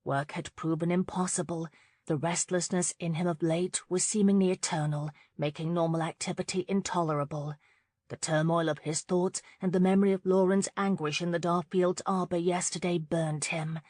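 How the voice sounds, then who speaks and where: A woman with a lowish voice narrates a romance audiobook, a scripted reading that is measured and expressive. She is on a close studio mic with no room sound.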